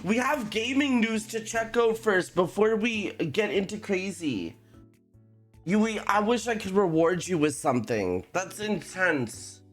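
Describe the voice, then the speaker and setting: A woman's voice: mid-range voice, unhurried, soft background music. A woman streaming a game, chatting casually and giggling with her chat. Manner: giggly, animated, talks to chat.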